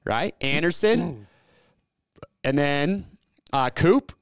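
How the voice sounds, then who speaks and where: A man's voice: fairly high pitch, animated, drawn-out words, clear, resonant tone, no echo. A man co-hosting a fantasy racing show, chatting casually and arguing his opinions at length, often restarting his sentences. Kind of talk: casual sports chat.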